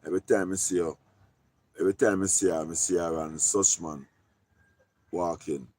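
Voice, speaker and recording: A Jamaican man talking casually on a live stream, giving shout-outs in loose patois and repeating his catchphrases. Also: deep voice, fairly even intonation, normal speed.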